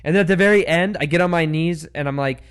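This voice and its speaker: A man's voice: a little high, fast, smooth. A young adult man hosting a casual chat, telling stories animatedly and laughing as he goes. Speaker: podcast host.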